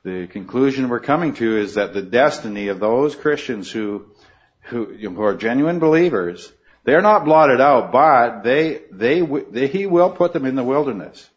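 Male Bible study teacher, mid-pitched, earnest, quizzes the class, muffled lo-fi recording. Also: animated, moderate pace. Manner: earnest, questioning the class, frequent restarts.

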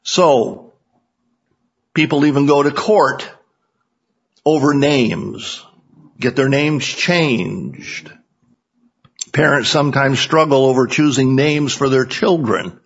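Middle-aged Sunday school teacher, folksy jokester, slow delivery on a muffled recording. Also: male voice, medium pitch, creaky, breathy edge. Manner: folksy, joking, unhurried. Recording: dull lo-fi recording.

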